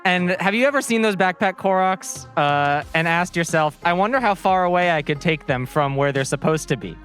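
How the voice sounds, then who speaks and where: This guest speedrunner from New Jersey has a lowish, animated voice with a New Jersey accent and talks at a normal speed. In a casual charity-stream interview, she chats at length about her gaming run, filling her explanations with fillers. Soft music plays in the background.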